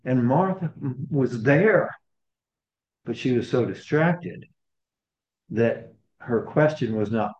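A man's voice: mid-range voice, animated, slow, pauses often, a little mellow. A man preaching a sermon in a conversational way, often repeating and restarting his phrases. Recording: roomy, dull recording.

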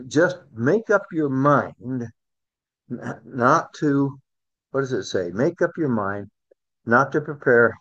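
A man teaching a Bible study class in a conversational way, often repeating words and asking the group questions. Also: medium pitch. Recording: dull lo-fi recording.

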